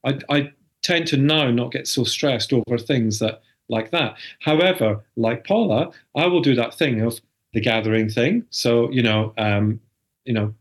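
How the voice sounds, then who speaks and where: A man's voice: medium pitch, measured pace. A middle-aged man, a podcast guest chatting casually and acting out family conversations as he tells stories. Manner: chatty storyteller, acts out family dialogue. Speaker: podcast guest, spouse of a host. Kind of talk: casual chat.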